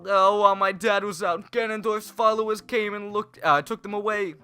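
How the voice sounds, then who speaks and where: A man voicing an excited young Goron boy. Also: normal speed, clean tone. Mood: pleading. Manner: excited, pleading, high and loud. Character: eager young male Goron rock-creature boy. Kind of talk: reading game dialogue aloud in character.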